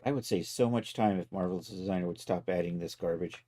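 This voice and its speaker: A man casually talking himself through each step of a software task on a live stream, loose and self-mocking. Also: deep voice, fairly quick. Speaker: livestreaming 3D content creator.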